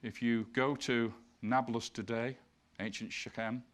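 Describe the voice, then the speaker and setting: A man's voice: medium pitch, level tone, unhurried. A man giving an illustrated lecture, explaining slides point by point and reading passages aloud. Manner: reads scripture passages aloud.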